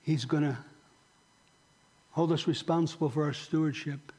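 A man with a somewhat high voice but a dark tone delivers a sermon in a church sanctuary with earnest conviction. His intonation stays fairly even at a moderate pace, and he often turns to ask the congregation direct questions.

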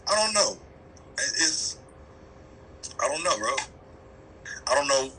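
A man's voice: mid-range voice, slow, a little hiss or hum, low-quality recording. A middle-aged man talking on a radio show, swearing freely and laughing often as he tells stories. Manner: animated, profane, storytelling with frequent laughs. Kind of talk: casual radio chat.

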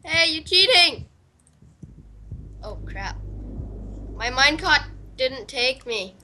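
A woman playing a video game with a friend, teasing and excitable, swearing and laughing often. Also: high-pitched, slow, a little hiss or hum. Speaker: gamer. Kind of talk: casual gaming chat.

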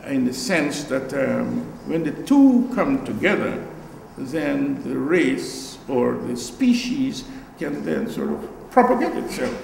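A man's voice: medium pitch, big pitch swings, slow, gravelly, darkish tone, roomy sound, big-room sound, slight background noise, rough recording. An older man with a Guyanese accent, an artist giving a reflective, storytelling talk about his work in a gallery. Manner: reflective, storytelling, trailing asides.

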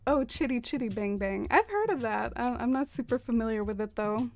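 Young woman, live streamer, casual chat while gaming, soft-spoken, rambling, fillers, faint background music. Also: fairly high pitch, expressive, a little fast.

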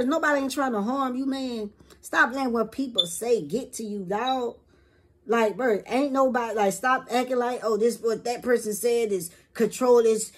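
A woman's voice: medium pitch, slightly rough. A woman vlogger giving a rambling, profane opinion rant to camera in casual street slang.

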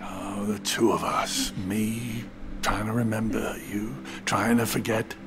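A soft-spoken old grandfather for a game, rough-edged gravelly voice, slow and deliberate. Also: lowish voice, little pitch movement, noisy background. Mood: gentle. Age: older. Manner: soft, comforting, reflective. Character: gentle, weary old grandfather, losing memories. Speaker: grandfather character. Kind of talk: video game voice acting.

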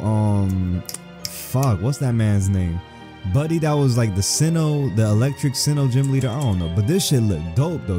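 A man's voice: mid-range voice, dark tone. A young man giving casual, slangy and profane commentary as he plays a video game. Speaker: let's-play host.

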